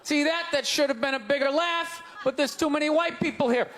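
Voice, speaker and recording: A man with a Boston accent doing a stand-up set on stage, ranting in loud, exasperated bursts that break into shouts. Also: very high-pitched, brisk. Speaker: stand-up comedian. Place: live comedy stage before an audience. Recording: live crowd laughter, faint background noise. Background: audience laughter.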